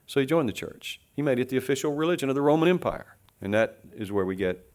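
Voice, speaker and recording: A man's voice: mid-range voice, expressive, fast, a little mellow. A middle-aged man preaching a conversational sermon, asking rhetorical questions and chuckling now and then. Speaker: pastor.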